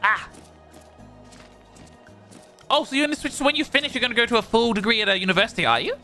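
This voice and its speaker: High-voiced playful male streamer. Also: expressive, quick pace, bright, forceful tone, faint music behind. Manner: playful, chatting with viewers while playing. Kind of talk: casual game stream chat.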